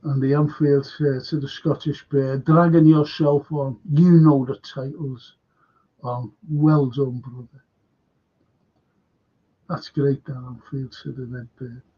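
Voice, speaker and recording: A man's voice: mid-range voice, flat delivery, slow pace, breathy edge. An older man hosts a live fan stream, reading viewers' comments aloud and answering them chattily. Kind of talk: casual live-chat reading. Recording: dull lo-fi stream audio.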